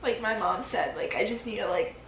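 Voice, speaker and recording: A woman's voice: medium pitch, brisk, vocal fry, a bit bright, slight background noise. A woman in her early twenties vlogging a tearful goodbye to her empty apartment, rambling with lots of "like", crying between laughs. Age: early 20s. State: crying, teary voice. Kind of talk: emotional farewell vlog, casual talk to camera. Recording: echoey empty room.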